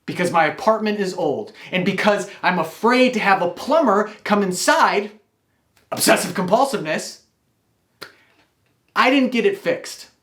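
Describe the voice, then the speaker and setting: A man's voice: high-pitched, lively intonation, unhurried, a bit bright, roomy sound. Wry man telling a personal story. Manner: wry, confessional.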